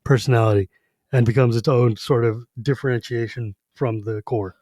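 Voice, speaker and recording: A man co-hosting a casual book podcast, retelling scenes in an animated, laughing, slangy way. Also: medium pitch, normal speed, dry recording, studio quality. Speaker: podcast co-host.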